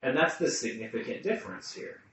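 A man's voice: medium pitch, lively intonation, fairly quick, a bit bright, a little hiss or hum. A man leading a group Bible study, thinking aloud with restarts and putting questions to the people around him. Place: room with a small group. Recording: muffled, echoey room, mic far off.

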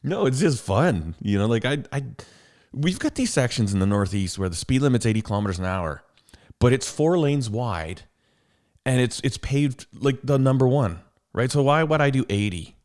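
A man's voice: medium pitch, normal speed. A man telling driving stories in casual chat, acting out rants at other drivers. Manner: animated storytelling, acts out rants at other drivers.

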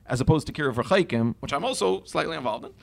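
A young man hosting a casual podcast conversation, telling stories in a lively way and acting out the dialogue. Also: fairly high pitch, fast talker, vocal fry. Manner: animated storyteller, acts out dialogue.

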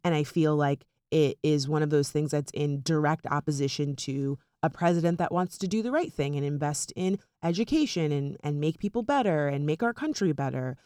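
A young woman co-hosting a podcast in casual chat, animated and full of "like" fillers. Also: low-pitched, normal speed, hardly any pauses, clear, resonant tone, no room sound, clean studio sound. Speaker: podcast co-host.

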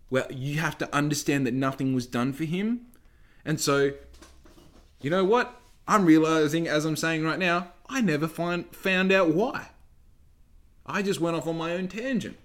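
A young Australian man telling a rambling story in casual talk, swearing often and firing off rhetorical questions. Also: a little high.

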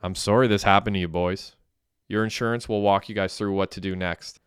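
A man's voice: sits low, steady tone, a little fast, clear, resonant tone, dry recording, clean studio sound, lightly acted. A man voicing a middle-aged police officer who is sympathetic but frank.

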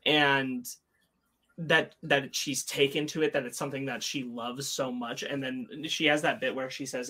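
A man's voice: mid-range voice, steady tone, unhurried, bright, forceful tone. A man co-hosting a podcast, talking through a film in a thoughtful, rambling way with many restarts. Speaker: podcast co-host. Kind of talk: casual film discussion.

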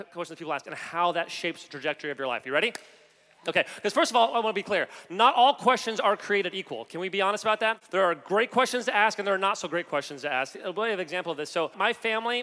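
An executive coach gives an animated, joking talk from a conference main stage in a large hall, speaking straight to the audience. His voice sits a little high, the energy is playful, and a long hall reverb trails his words.

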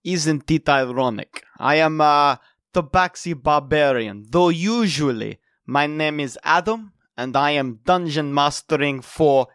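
Wry, slow-talking man. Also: on the high side, fairly bright tone, smooth, no room sound, clean studio sound. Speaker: game player. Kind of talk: joking self-introduction.

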